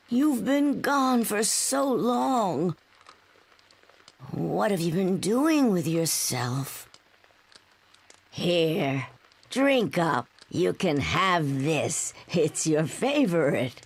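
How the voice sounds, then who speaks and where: A woman voicing a weary older female barkeeper who talks in a slow, doting, cooing drawl. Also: fairly low pitch, husky, heavily acted.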